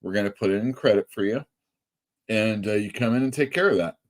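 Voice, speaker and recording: A man's voice: on the low side, a little fast. Chatty man hosting a live stream. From California. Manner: chatty, reads out chat comments, laughs often. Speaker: comic shop owner hosting a live stream. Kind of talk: casual live-stream chat.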